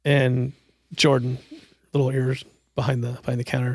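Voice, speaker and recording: A man's voice: mid-range voice, moderate pace, no room sound. A man, a coffee roaster and cafe owner, telling stories as a podcast guest and acting out what people said. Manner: animated storyteller who acts out quotes. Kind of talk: casual podcast storytelling.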